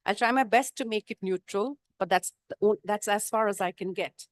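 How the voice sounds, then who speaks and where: A woman's voice: medium pitch, normal speed, few pauses, fairly bright tone. A middle-aged woman from India with an Indian accent, giving an emphatic motivational talk with music on a conference stage and asking rhetorical questions. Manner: emphatic, rhetorical questions, sings note names. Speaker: musician speaking at a business summit.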